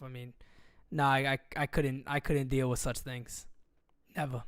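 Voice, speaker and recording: A man's voice: on the high side, steady tone, normal speed, a bit bright, no echo, clean studio sound. A young man hosting a casual sports livestream, rambling and joking as he reads out viewer comments. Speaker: livestream host.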